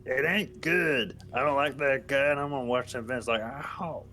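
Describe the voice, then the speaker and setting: A man's voice: mid-range voice, normal speed, pushed and bright, faint music behind, lightly acted. A man voicing a folksy, drawling male agent in a tabletop game.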